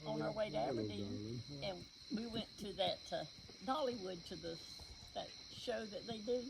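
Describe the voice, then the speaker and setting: An older Southern woman swaps stories in a creaky voice that rises and falls widely. She chats casually and halts now and then. Steady outdoor noise and insects sit behind her. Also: mid-range voice. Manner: storytelling, halting. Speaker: show visitor. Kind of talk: casual chat. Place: outdoors at a rural event. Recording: noisy outdoor recording.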